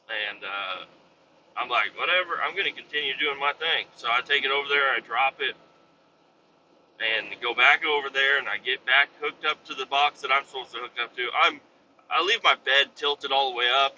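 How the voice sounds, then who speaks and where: A man's voice: mid-range voice, bright, forceful tone, dull audio, slight background noise. A man telling a rambling story about his trucking job, swearing casually and acting out coworkers in a raised voice. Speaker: truck driver. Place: inside a truck cab.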